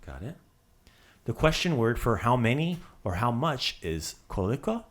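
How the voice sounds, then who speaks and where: A man's voice: medium pitch, very animated, a little slow, a bit bright. A man hosting a casual language lesson, drilling words with playful asides. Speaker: language teacher.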